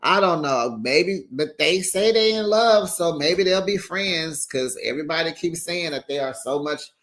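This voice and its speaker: On a casual reality-TV recap show, a woman's low voice carries lively intonation and a fairly bright tone at a moderate pace. She is chatty and sassy as host, laughing a lot and acting out quotes.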